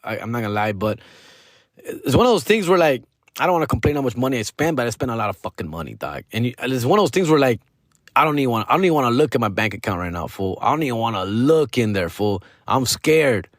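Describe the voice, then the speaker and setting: Profane, animated middle-aged male comic. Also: medium pitch, quick pace, no room sound, studio quality. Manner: profane, slangy, animated, mixes in Spanish phrases. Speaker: comedian podcast host. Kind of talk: casual comedic storytelling.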